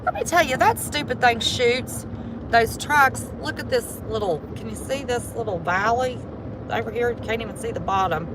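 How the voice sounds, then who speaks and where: A woman's voice: a little high, normal speed, noisy background. A West Virginian woman live-streaming from her car on a mountain drive. She chats in a folksy way and calls her viewers "y'all.". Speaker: vlogger. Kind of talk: casual livestream commentary. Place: inside a car driving mountain roads. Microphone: handheld phone while driving.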